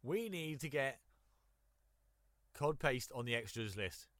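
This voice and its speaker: A man's voice: mid-range voice, expressive, slow, a bit bright, dry recording. A man co-hosting a podcast over a video call, full of crude, playful banter and silly sound effects. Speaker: podcast co-host. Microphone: headphones and mic on a video call.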